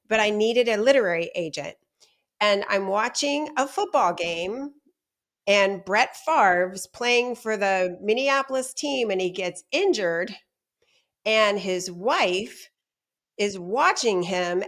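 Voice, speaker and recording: A woman in her fifties hosting a talk show, chatting casually and quoting herself and others in lively asides. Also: mid-range voice, a little slow. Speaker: podcast host. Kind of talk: casual chat, personal storytelling.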